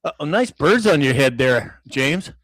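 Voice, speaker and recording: A man's voice: on the high side, big pitch swings, normal speed, fairly bright tone, dry recording. A man hosting a live stream in a chatty way, thanking viewers and calling on panelists.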